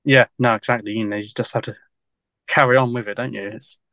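A man's voice: medium pitch, fairly even intonation, quick pace, bright, forceful tone, no room sound. Rambling man, chatty historian. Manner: rambling, full of "you know" fillers, laughing often. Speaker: guest historian. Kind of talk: casual podcast interview.

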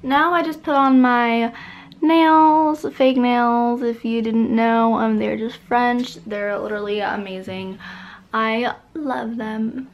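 A woman's voice: fairly high pitch, fairly even intonation, dull audio. Bubbly teen girl vlogging. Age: teens. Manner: bubbly, gushing, quick asides. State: groggy morning voice. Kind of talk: casual vlog chat.

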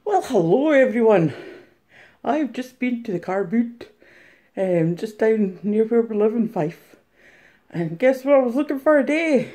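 A woman's voice: a little high, expressive, measured pace, warm tone. A woman putting on a cheerful, chatty bearded male reseller for a comic vlog skit, recorded on a mobile phone. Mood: jolly. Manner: chatty, jolly, addresses viewers.

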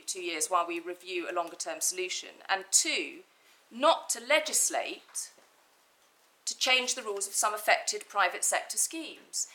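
With background noise behind her mid-range voice, a woman barrister makes methodical legal submissions in an appeal courtroom, reading from documents and restarting at times.

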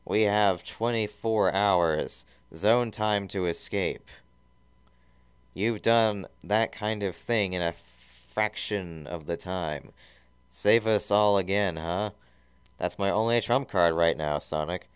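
A man's voice: low voice, takes it slowly, clear, resonant tone, no room sound. A man voicing an earnest young princess who leads freedom fighters, in a fan story reading.

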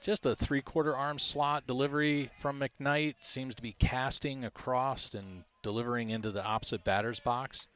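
A man calling a high school baseball game play by play, reading out stats in a measured way. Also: steady tone, a bit bright. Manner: measured, stat-heavy, self-deprecating asides. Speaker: play-by-play announcer.

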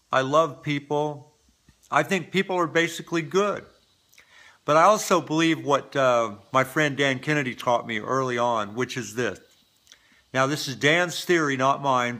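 A man's voice: fairly high pitch, sharp tone. A man speaking as a business speaker, telling a story to camera in a casual, rambling way with lots of restarts.

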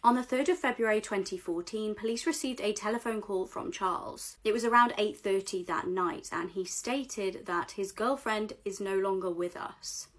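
A woman narrating a true crime story in a measured way. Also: mid-range voice.

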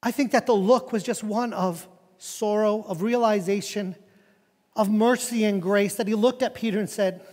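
A male pastor preaching a sermon in a church sanctuary, animated and conversational, often repeating his words. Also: high-pitched, moderate pace. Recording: long reverb of a church hall.

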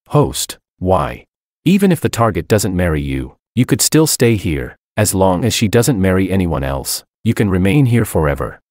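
A man reading a first-person story aloud in an expressive, reflective way. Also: sits low, dry recording, studio quality. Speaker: narrator. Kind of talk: first-person audiobook narration.

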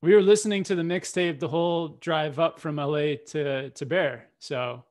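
A man's voice: a little high, fairly even intonation, moderate pace, darkish tone. A man hosting a casual interview, mostly chiming in with short agreeing replies. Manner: brief agreeing replies with fillers. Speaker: interview host. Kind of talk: casual chat.

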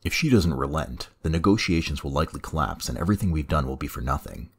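A man voicing a steady male Jedi ranger in a story reading, with a level delivery. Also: a bass voice, fast, husky, heavily acted.

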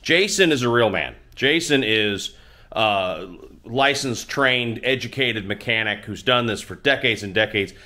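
A man's voice: medium pitch, expressive, unhurried, pushed and bright. Self-mocking man telling a garage story. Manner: self-deprecating, rambling. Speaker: motorcycle channel host. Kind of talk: casual storytelling to camera.

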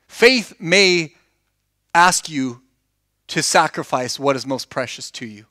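High, bright-voiced pastor preaching. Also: male voice, measured pace, dry recording, clean studio sound. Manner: animated storytelling, acts out quoted dialogue; asks the congregation questions. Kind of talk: conversational sermon. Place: church.

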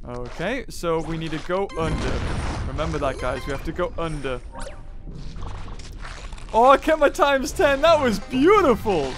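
A woman hosting a let's play, excitable, muttering low then bursting into loud outbursts. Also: unhurried, long pauses. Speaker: gaming channel host. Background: game music.

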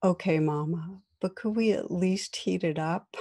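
A woman's voice: fairly low pitch, measured pace, dark tone. A woman voicing an upset four-year-old boy in a story she tells during a talk. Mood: calm.

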